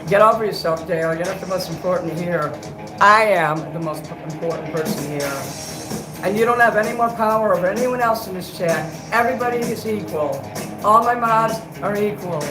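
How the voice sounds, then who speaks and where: Over music in a reverberant space, a high-voiced man talks at normal speed during a karaoke livestream. He rambles profanely between songs, sounding strained and worn out, and the recording is rough.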